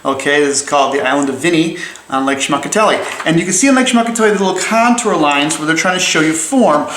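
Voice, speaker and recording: A man with a slightly high voice talks through a drawing lesson in a playful, chatty way, tossing in jokey asides as he sketches. His voice rings in an echoey room. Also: fast, fairly bright tone, a little hiss or hum. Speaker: drawing teacher.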